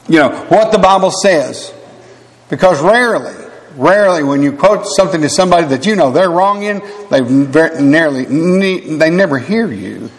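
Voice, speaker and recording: A man in his sixties preaching a sermon, emphatic and animated, breaking into quick laughs and asides. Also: fairly high pitch. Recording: long reverb of a hall.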